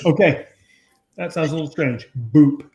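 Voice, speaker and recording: A man's voice: a little high, steady tone, moderate pace, a little mellow, lo-fi sound. A man from New Jersey hosting a business training call, chatting jokily and rambling before turning to coaching. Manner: jokey and rambling, full of restarts and sound effects like "boop". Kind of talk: casual group chat turning to a coaching talk. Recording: roomy echo.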